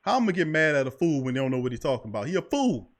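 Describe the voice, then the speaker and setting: A man with a high-pitched voice hosts a sports talk show, and he delivers it like a sermon. He is emphatic and repetitive, and he keeps hammering his point home. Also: very animated, very fast, a crowd in the background. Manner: preachy, emphatic, repeats "I'm telling you". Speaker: podcast host.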